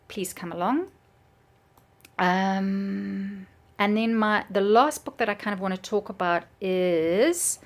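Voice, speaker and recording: A middle-aged woman, chatting casually and enthusiastically with lots of ums. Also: fairly low pitch. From South Africa. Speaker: book vlogger and author. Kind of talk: casual chat.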